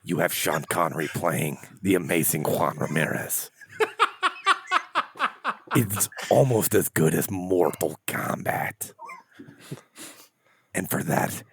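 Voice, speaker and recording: Pompous fake-French film star, low and drawn out, with a faint hiss behind it, a man doing an impression. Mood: grandiose. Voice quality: over-the-top French accent. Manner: slow, pompous pronouncements. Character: grandiose man with a fake French accent, impersonating an actor. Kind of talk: comedic impression on a podcast.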